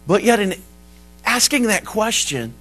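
A male pastor preaching a sermon at a church service, telling a story and moving between hushed and emphatic delivery. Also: high-pitched, very animated, unhurried, poor audio.

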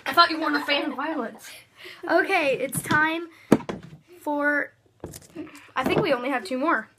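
A woman's voice: sits high, normal speed, heavy background noise. A woman making a casual, goofy home video, giggly and bossy with her sibling. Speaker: vlogger. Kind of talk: casual chat.

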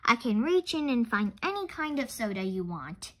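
A woman's voice: fairly high pitch, very animated, moderate pace. A woman voicing a proud young boy who sells soda, in a children's storybook reading. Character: proud schoolboy soda seller.

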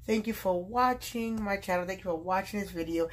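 A woman vlogging casually from her bed, gushing and excitable as she opens a gift box, with lots of fillers. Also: mid-range voice, fairly quick. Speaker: YouTube vlogger. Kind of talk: casual unboxing vlog.

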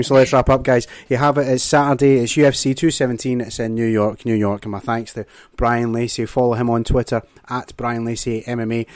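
A man's voice: medium pitch, darkish tone, no room sound, clean studio sound. Laid-back male podcast host. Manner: laid-back, wrapping up with plugs. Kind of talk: casual podcast chat.

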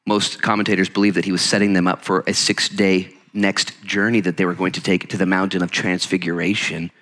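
Male pastor, sermon; bright tone, energetic conversational delivery, acts out quotes. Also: sits low, fairly quick. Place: church sanctuary. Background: congregation present.

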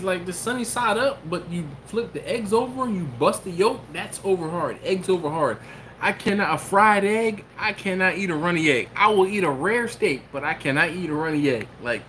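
A man's voice: sits high, a bit bright. A man with a somewhat raised voice hosts a casual live stream from his kitchen. He reads viewer comments aloud and jokes back at them in a loose, conversational way. A faint hum of noise sits under the voice. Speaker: host. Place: home kitchen.

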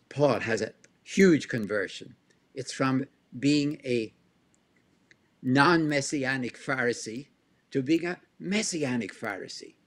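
Man explaining history with rhetorical questions. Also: medium pitch. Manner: lively, asks rhetorical questions, chuckles between points. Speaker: historian guest. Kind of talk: interview answer, explanatory.

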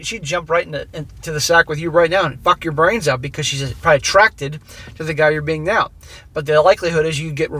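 Man, blunt and profane, casual commentary, slightly high voice, bright and forceful tone. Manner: blunt, profane, preachy advice to viewers. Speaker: host reading and reacting to a viewer's email.

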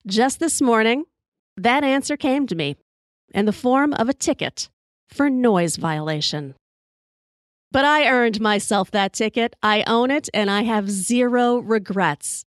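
A woman with a drawl and a fairly high voice tells wry, salty stories to her podcast listeners. Her delivery is loose and conversational. The sound is close and dry, with no room around it. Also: lively intonation, unhurried, dry recording. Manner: wry, profane, conversational storytelling. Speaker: podcast host. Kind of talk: storytelling monologue while drinking whiskey.

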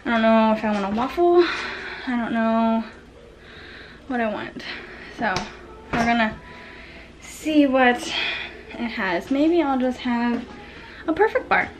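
Woman vlogger, fairly high voice, chatty and laughing, a bit out of breath, faint hiss in the room. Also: expressive, slow pace, pauses often. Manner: chatty, laughs often, baby talk with her son. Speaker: vlogger and homeschool mom. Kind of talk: casual vlog chat. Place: home kitchen, indoors.

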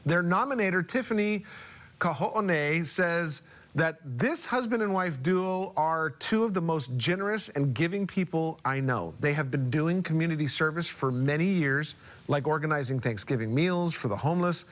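A TV show host reading out a community kindness award in a measured, upbeat way, then bantering with his co-host. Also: a little high, animated, a bit bright. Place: TV studio.

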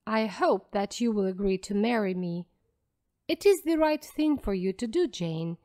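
A woman's voice: medium pitch, expressive, unhurried, darkish tone, natural voice. A woman reading as a stern cold young clergyman. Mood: cold, insistent. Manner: cold, firm and commanding.

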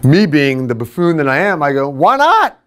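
A man's voice: mid-range voice, brisk, a little hiss or hum. A fitness trainer and podcast host telling a casual, self-deprecating story, acting out the other people's voices as he goes. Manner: animated, self-deprecating, acts out quoted voices.

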